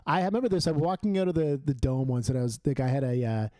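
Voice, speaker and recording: A man's voice: mid-range voice, expressive, fast talker, mellow, no echo. A young man hosting a live watch-along stream, talking in profane, rambling rants. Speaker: livestream host. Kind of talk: casual live game watch-along commentary.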